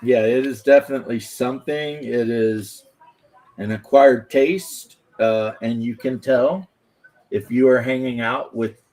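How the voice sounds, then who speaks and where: A man in a relaxed podcast chat, talking about drinks and joking wryly with his friends. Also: mid-range voice, unhurried, rough recording. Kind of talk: casual chat.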